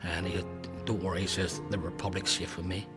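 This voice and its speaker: A man, a former prisoner, recalling events bluntly in halting speech that goes soft at emotional moments. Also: deep voice, little pitch movement. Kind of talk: recollection in interview. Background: clear music.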